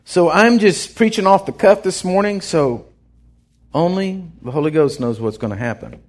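A pastor preaches an off-the-cuff sermon in a high male voice at normal speed. He's animated, acting out voices as he tells his stories.

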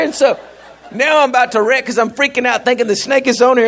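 A male pastor, telling a personal story in a sermon, laughing and animated. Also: very high-pitched, brisk.

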